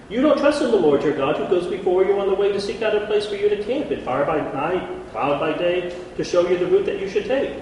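A man preaching a lively Bible lesson, who jokes with the room and calls out listeners by name. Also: high voice, fairly quick. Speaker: preacher teaching a Bible class. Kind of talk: lively sermon. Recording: echoey hall from far off, faint noise.

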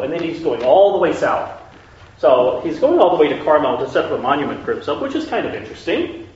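A man leads a conversational Bible study and keeps checking in with his listeners. His pitch is lively and animated. He is recorded from a distance in a very echoey room, and the sound is dull. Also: a little hiss or hum. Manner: checks in with listeners, asks questions. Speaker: Bible teacher.

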